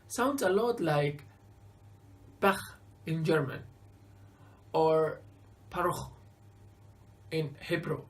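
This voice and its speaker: Woman teacher, lowish voice, very slow deliberate delivery, careful letter-by-letter instruction. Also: expressive. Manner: careful, spells out each letter and example word. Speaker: Arabic teacher. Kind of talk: slow beginner alphabet lesson.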